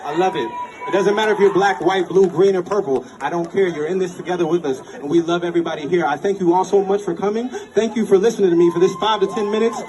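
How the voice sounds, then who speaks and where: A man's voice: high-pitched, fast. A man in his twenties with an American accent, giving an impassioned rally speech at an outdoor protest and repeating his phrases like a preacher. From United States. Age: 20s. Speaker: protest speaker. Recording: distant mic with loud crowd noise. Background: cheering crowd.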